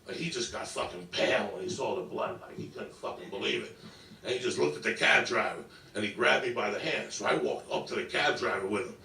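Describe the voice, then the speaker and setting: New guy telling a dirty funny story, gravelly voice, echoey far-off clip. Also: on the low side, a little fast, a little hiss or hum. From New York. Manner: brash, swearing constantly, animated. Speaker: stand-up comedian. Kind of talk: profane comedic storytelling. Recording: echoey clip picked up from afar.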